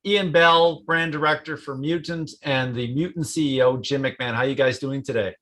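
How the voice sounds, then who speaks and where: A man's voice: medium pitch, steady tone, moderate pace, bright, forceful tone. A man hosting an interview in a loose, casual way, leaning on fillers as he introduces guests and topics. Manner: loose, hesitant, many fillers. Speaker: host.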